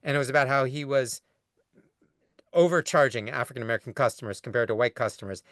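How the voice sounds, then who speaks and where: A man's voice: mid-range voice, steady tone, fast talker, fairly bright tone, dry recording, clean studio sound. A man, a rabbi, giving a conversational lecture over a video call, long-winded and full of restarts. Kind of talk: conversational lecture answering a question.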